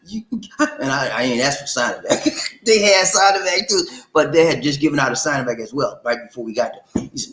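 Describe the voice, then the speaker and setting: Animated man hosting a livestream. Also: a little fast, reverberant, slight background noise, rough recording. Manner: animated, swings up high when excited, says "man" and "okay?". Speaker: livestream host. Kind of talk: casual livestream talk.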